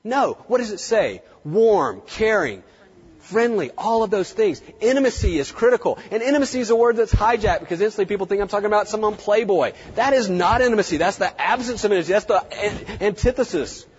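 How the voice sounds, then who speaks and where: Southern male seminar presenter, slightly high husky voice, chatty, echoing hall on a dull recording. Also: expressive, a little fast. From American South. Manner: conversational, repeats words, demonstrates on stage. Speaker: workshop presenter. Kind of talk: live seminar lecture.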